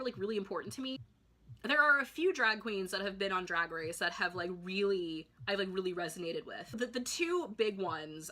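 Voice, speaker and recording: Bright-voiced chatty young woman vlogger. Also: mid-range voice. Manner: chatty, filler-heavy, excitable. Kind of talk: casual storytime monologue.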